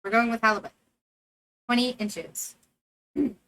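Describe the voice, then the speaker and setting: High bright girl streamer chatting while she plays, silly with the fishies. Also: fairly even intonation, unhurried. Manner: playful, talks to the game characters and herself. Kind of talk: casual gameplay commentary.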